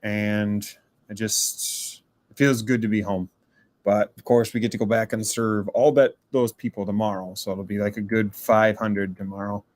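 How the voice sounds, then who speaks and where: A man's voice: lowish voice, steady tone, moderate pace, a little mellow, no echo. A man from Minnesota, chatting casually in a recorded voice message and ending sentences with "eh". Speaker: listener sending a voice message.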